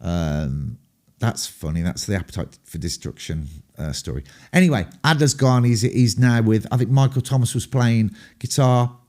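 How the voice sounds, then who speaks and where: A man's voice: mid-range voice, animated, normal speed, a little mellow. A middle-aged man telling rambling, sweary rock stories, full of ums and asides. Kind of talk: casual storytelling to camera.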